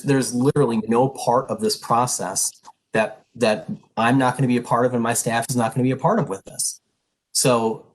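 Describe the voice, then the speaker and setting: A man's voice: medium pitch, slight background noise, rough recording. A middle-aged man advising prospective pre-health students, talking in an earnest, emphatic and direct way. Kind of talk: info session talk to prospective students.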